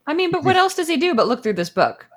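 A woman's voice: high voice, sing-song, fast talker. A woman co-hosting a podcast in casual chat, with wry, teasing remarks. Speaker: podcast co-host.

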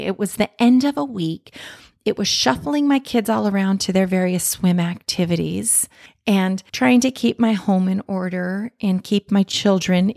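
Woman, a mother, candid and self-reflective storyteller; low voice with a gravelly edge. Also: darkish tone, no room sound, studio quality. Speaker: mother telling a personal story.

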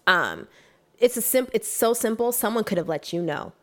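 A young woman recounts a workplace story in relaxed, casual conversation. She talks with emphatic, animated delivery and slips into quoting herself and others as she goes. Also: mid-range voice, moderate pace. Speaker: guest telling a work story.

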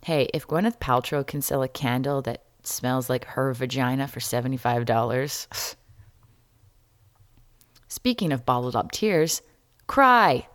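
A woman hosting a solo podcast, talking candidly and wryly, jumping between loud jokes and quiet asides. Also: rumbling low, lively intonation, a little slow, long pauses, dry recording. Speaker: podcast host.

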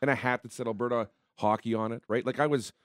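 A man's voice: mid-range voice, steady tone, quick pace, a bit bright, dry recording. A man chatting as a hockey analyst guest in a radio studio, talking casually, laughing often and filling with "you know". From Canada. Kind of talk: casual radio chat, storytelling.

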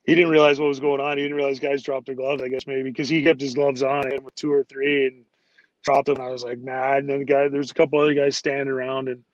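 A man talking fast in a loose, rambling way, stuffing his stories with "like" and "you know." The sound is dry and a little muffled, as if recorded close in a dead room. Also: medium pitch, level tone, dry recording. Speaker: guest, former hockey player. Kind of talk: casual storytelling interview.

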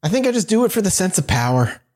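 A man voicing a calm male radio caller who answers every question flatly and offhandedly. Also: high-pitched, quick pace, voice pushed up. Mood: nonchalant. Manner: flat, offhand replies.

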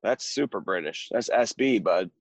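A lower-voiced American man co-hosting a podcast, his pitch swinging around as he jokes and chats. He laughs easily and keeps things loose. The sound is dry and close. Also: normal speed, husky, dry recording. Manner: animated, laughs often, chatty and joking. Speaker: podcast co-host. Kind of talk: casual chat.

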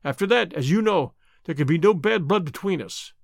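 A man voicing a huge, domineering lodge boss with a booming, bluff manner. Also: lively intonation, a little fast, creaky, no room sound, clean studio sound, full character voice. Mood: commanding.

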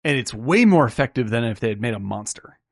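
Gravelly man rambling about a film. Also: mid-range voice, lively intonation, quick pace, no room sound, clean studio sound. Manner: rambling, many "like" and "right?" fillers, swears casually. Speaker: film podcast host. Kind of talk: casual film discussion.

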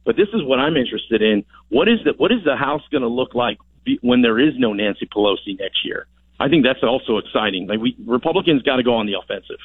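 Over a dry, tinny phone line, a congressman answers radio interview questions as a phone-in guest. His mid-range voice is husky and fast with lively intonation, and he pushes his points with rallying, emphatic conviction and repeated words.

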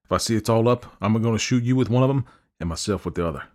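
A man's voice: low voice, a little fast, darkish tone, lightly acted. A man voicing a blunt frontier scout who talks in a folksy dialect, read aloud in an audiobook. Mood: urgent. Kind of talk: audiobook character voice.

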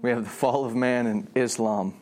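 A man preaching a sermon, animated, often restarting his phrases and acting out voices in the story. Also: normal speed. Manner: animated, acts out God's voice with rising pitch; frequent restarts and repeated words.

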